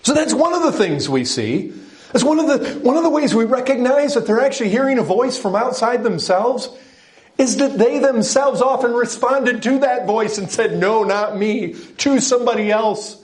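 A man's voice: very high voice, lively intonation, moderate pace. A man preaching a sermon, speaking with emphasis and putting direct questions to his listeners. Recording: echoey room.

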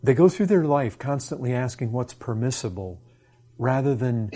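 A male preacher delivering an impassioned sermon. He presses his listeners with one rhetorical question after another, swinging between hushed, slow lines and loud, quick bursts. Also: mid-range voice, animated, husky.

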